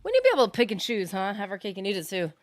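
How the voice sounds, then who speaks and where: A woman's voice: medium pitch, wildly swooping pitch, racing, dry recording. A woman streaming a game live, chatting casually and thinking aloud as she answers her viewers. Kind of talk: casual live-stream chat while gaming.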